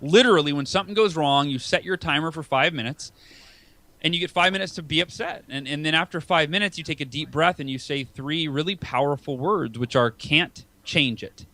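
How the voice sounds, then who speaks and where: Animated bright-voiced man telling stories. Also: a little high, a little fast. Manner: animated, acts out emotions in quoted voices; repeats words when starting sentences. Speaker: podcast guest, author and speaker. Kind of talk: conversational storytelling.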